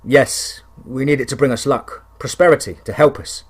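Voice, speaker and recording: A man voicing an eager, evasive male cult leader who talks quickly and brushes off questions in a scary campfire-style audio story. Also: medium pitch, fairly even intonation, slightly rough, close to an everyday voice.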